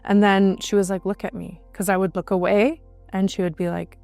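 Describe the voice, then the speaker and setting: A woman guest recounting a personal experience in conversation, halting, with frequent restarts and fillers. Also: medium pitch, level tone, warm tone, faint music behind. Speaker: interview guest.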